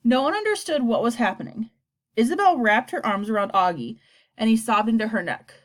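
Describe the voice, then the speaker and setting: Lively woman reading a children's story. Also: fairly high pitch, fairly quick. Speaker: narrator, audiobook reader. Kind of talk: scripted storybook narration.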